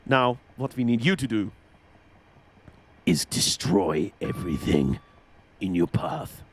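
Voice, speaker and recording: A man's voice: medium pitch, very animated, takes it slowly, breathy edge, pitched below the performer's own voice, heavily acted. A man voicing a stern team boss in a mock-serious, menacing tone, giving orders.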